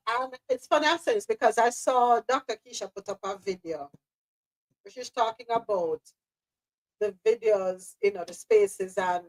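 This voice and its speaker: A woman's voice: fairly high pitch, fairly bright tone, rough recording. A woman hosting a live news podcast, speaking passionately and repeating phrases for emphasis. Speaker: host.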